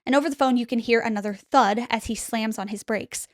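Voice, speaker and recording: Podcast host lady, a bit high, chatty animated storytelling, dry close sound. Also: brisk, dry recording. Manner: animated retelling, acts out quotes.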